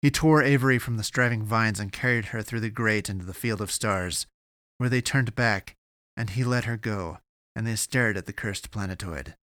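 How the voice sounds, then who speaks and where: A man narrating a science fiction audiobook in a steady, measured way. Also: fairly low pitch, no echo, studio quality.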